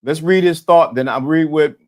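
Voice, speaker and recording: A man hosting a live-stream talk show, animated and laughing, repeating himself and talking to the chat. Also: fairly high pitch, moderate pace. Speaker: host.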